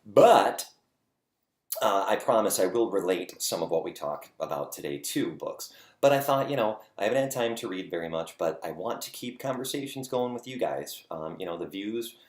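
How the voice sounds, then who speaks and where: A man's voice: low voice, expressive, a little fast, hardly any pauses, roomy sound. A man hosting his own home video series, chatting casually and self-deprecatingly to camera from a dining nook, with plenty of filler sounds.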